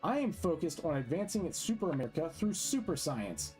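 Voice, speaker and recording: A man voicing a precise, emotionless female scientist running for office, speaking quickly and evenly. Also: fairly high pitch, faint music behind. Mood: monotone. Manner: precise, monotone. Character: flat, monotone female scientist candidate, precise.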